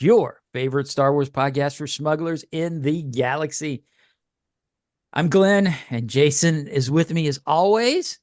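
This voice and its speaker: A man's voice: fairly high pitch, a little slow, dry recording, clean studio sound. A man from Louisiana co-hosting a podcast in casual, teasing chat. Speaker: podcast co-host.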